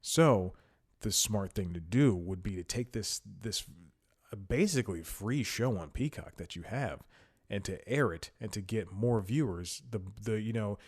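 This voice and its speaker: A man's voice: on the low side, lively intonation, a little slow, a little mellow, slightly rough. A man hosting his own podcast, chatting casually in a rambling, self-mocking way and chuckling often, a little out of breath. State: slightly out of breath. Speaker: podcast host. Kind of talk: casual solo podcast chat. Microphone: headphones and studio mic.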